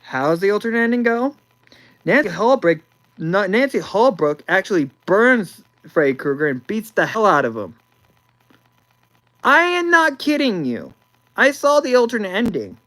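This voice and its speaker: Exasperated young woman ranting, lively pitch. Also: normal speed, rough recording. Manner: exasperated, repeats words, sighs often. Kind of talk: ranting movie review.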